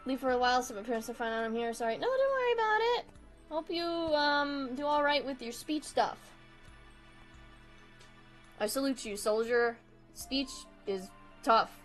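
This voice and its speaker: A woman's voice: a little high, normal speed, pauses often, soft background music. Giggly young woman chatting while she draws. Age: young adult. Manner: giggly, scattered, self-mocking. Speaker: streamer. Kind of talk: casual chat while drawing on stream.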